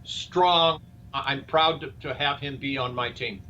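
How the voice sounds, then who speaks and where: A man's voice: mid-range voice, a little slow, pushed and bright. An older man speaking earnestly as a guest in a live interview, asking rhetorical questions like a speech. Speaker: guest, presidential candidate. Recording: dull lo-fi sound with faint noise.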